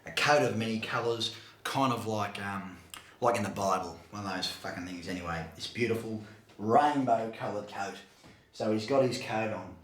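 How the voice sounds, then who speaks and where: A man's voice: lowish voice, moderate pace, echoey room, slight background noise, close to an everyday voice, low-quality recording. An Australian man telling a crude, swearing yarn with acted-out voices. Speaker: storyteller.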